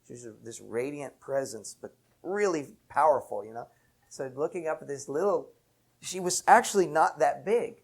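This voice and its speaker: A man's voice: fairly high pitch, normal speed, vocal fry, husky. A man, an enneagram teacher, telling a reflective story with bursts of laughter. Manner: animated anecdote with laughter.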